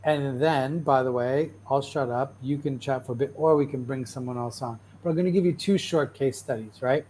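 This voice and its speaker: A man's voice: mid-range voice, normal speed, slight background noise. A man hosting a casual motivational talk, rambling through stories with constant "right?" and "like" and frequent restarts. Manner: restless, animated storyteller with frequent restarts.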